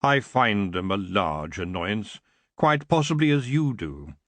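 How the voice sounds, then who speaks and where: A man voicing a tall antlered elf king in an audiobook, with a smooth, lazy drawl. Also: fairly low pitch, big pitch swings, unhurried, a bit bright, no echo, pitched below the performer's own voice. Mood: languid.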